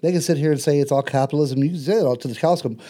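Dude with a mellow warm voice, blunt and sweary, casual podcast talk. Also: male voice, on the high side, racing. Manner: blunt, profane, heated. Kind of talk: casual chat.

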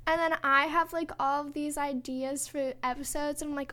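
A woman's voice: high voice, moderate pace. A young woman co-hosting a podcast in casual chat, open and emotional in how she talks. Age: young adult. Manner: emotional, expressive. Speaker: podcast co-host.

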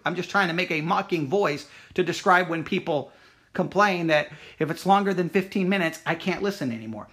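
A man's voice: sits high, sharp tone. A man from Texas hosting a Christian talk program, speaking in a casual, rambling monologue with frequent restarts and fillers. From Texas, USA.

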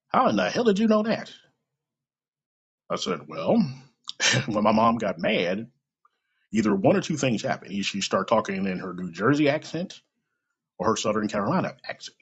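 Gravelly, husky-voiced man telling stories. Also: medium pitch, fairly bright tone. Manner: blunt, profane storytelling with laughs. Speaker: podcast host. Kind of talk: casual monologue. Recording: dull lo-fi recording.

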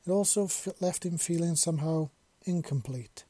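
A man narrates a story in a measured, unhurried way. His voice is dark and husky. It is recorded close and dry. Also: a little high, dry recording.

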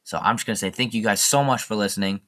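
A teenage boy with a lowish, bright-edged voice hosts his solo podcast. He rambles and jokes his way through chatty asides. It sounds like a casual talk recorded at home. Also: fast. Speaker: podcast host.

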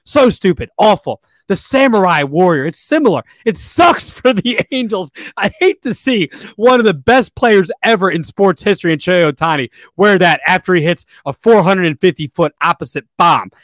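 A man's voice: high voice, moderate pace, hardly any pauses, no room sound, clean studio sound. Ranting young man, losing his voice. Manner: animated, exasperated ranting. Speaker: podcast co-host. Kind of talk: casual sports podcast rant.

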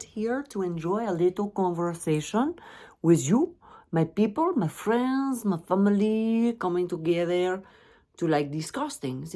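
Playful woman podcast host, low-pitched voice, chatty and self-mocking, jumps into high excited bits. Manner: playful, self-teasing, bursts of high animated emphasis. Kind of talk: casual solo podcast chat.

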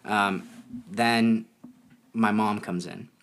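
A young man casually telling a story, animated and often laughing. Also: fairly low pitch, drawn-out words.

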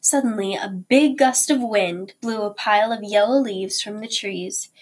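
A woman teacher reading a children's chapter book aloud to her students, slow and deliberate. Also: mid-range voice, breathy edge.

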